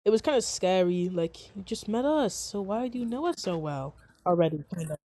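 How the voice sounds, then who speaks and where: A young woman rambling through casual commentary on a Roblox game, swearing often and jumping from squeaky highs to low mumbles. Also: animated, moderate pace, warm tone.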